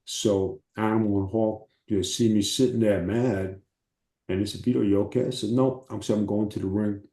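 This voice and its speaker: A man, a former wrestler, telling profane, animated stories as an interview guest. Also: lowish voice, normal speed, roomy sound. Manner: animated, profane storytelling with acted quotes. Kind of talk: casual storytelling.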